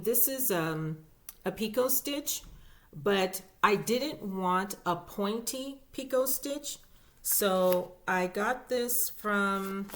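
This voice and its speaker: A woman's voice: mid-range voice, fairly bright tone. A woman crochet vlogger talking casually as she shows her work, chatty and gushing, with fillers and repeats. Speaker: crochet YouTuber. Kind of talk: casual show-and-tell vlog.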